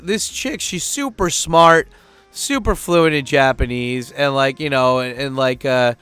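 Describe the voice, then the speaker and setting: A man's voice: medium pitch, a bit bright, clear, resonant tone, no room sound. A man living abroad, telling a story in a casual vlog rant, rambling and swearing freely. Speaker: vlogger living in Japan.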